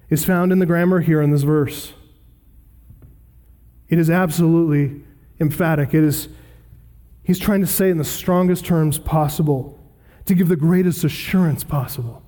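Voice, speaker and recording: A man's voice: high-pitched, mellow. A man preaching an earnest, emphatic expository sermon, reading scripture aloud. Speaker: pastor. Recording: long hall reverb.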